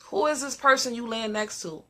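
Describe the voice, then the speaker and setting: Emphatic woman with a bright, ringing voice. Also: fairly high pitch, normal speed. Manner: emphatic, repeats questions. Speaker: host of a live discussion. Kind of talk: casual live-stream talk.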